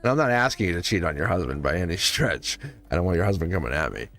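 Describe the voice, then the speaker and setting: Animated, chatty male tarot reader. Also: deep voice, quick pace, faint music behind. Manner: chatty and reassuring, laughs often, acts out quoted lines. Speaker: tarot reader hosting a live stream. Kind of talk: live tarot reading addressed to a viewer.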